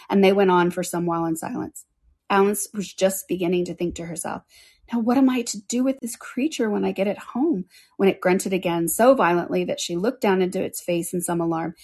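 A woman reading a children's book aloud in a plain, steady storytelling manner. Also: fairly low pitch.

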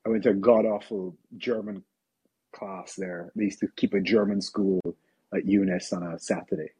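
Husky low-voiced man in his forties. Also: steady tone, warm tone. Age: 40s. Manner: rambling, self-deprecating, halting restarts. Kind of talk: casual chat.

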